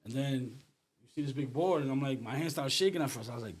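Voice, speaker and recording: A middle-aged artist from Rhode Island, speaking as a guest, tells stories in a casual conversation, fast and in a medium-pitched voice. He's an animated storyteller who uses street slang and says "bro" a lot. The recording has a little hiss or hum.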